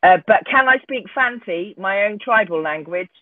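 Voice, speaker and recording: A woman's voice: mid-range voice, lively intonation, normal speed, narrow, tinny audio, background noise. A woman chatting as a guest on a video call, frank and self-mocking. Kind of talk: casual chat.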